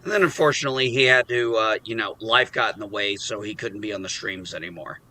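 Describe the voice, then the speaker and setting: Man, casual stream host, bright tone, rambly, swears a lot. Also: fairly low pitch, fast talker, a little hiss or hum. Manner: swears freely, rambling, self-deprecating. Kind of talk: casual chat.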